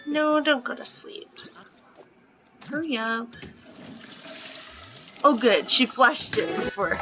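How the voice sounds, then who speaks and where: A woman's voice: sits high, takes it slowly, pauses often, a bit bright, soft background music, poor audio. A woman in her thirties chatting casually at home while playing a life-sim game, often dropping into a whisper. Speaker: gaming vlogger. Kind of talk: casual gameplay commentary.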